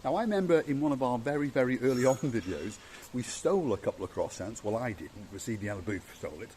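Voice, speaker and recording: A man's voice: mid-range voice, expressive, fast talker, dark tone, slight background noise. Man, vlog host, playful tour-guide patter, faint ambience behind. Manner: chatty, playful, theatrical. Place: outdoors and indoors at a hotel.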